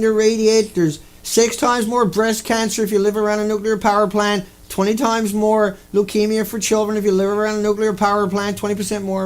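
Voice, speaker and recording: Man, high voice, angry rant, repetitive, swearing, video blogger. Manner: ranting, repetitive, swears often.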